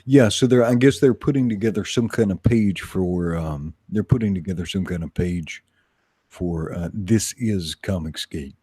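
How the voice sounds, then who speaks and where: A man's voice: sits low, normal speed, warm tone, slightly rough, no echo. A man hosting a casual online chat, rambling and self-deprecating. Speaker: host.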